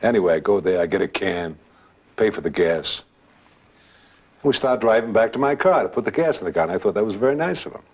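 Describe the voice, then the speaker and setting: An older man, casually telling a personal story in a relaxed way and acting out what others said. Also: on the low side, quick pace. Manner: relaxed storytelling, acts out voices. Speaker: guest storyteller.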